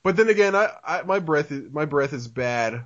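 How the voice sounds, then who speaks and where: Podcast host, male, slightly higher voice, casual and giggly, lo-fi recording. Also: animated, moderate pace. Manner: laughs often, repeats words when restarting. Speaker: podcast host reading listener email. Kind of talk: casual chat. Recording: dull lo-fi sound.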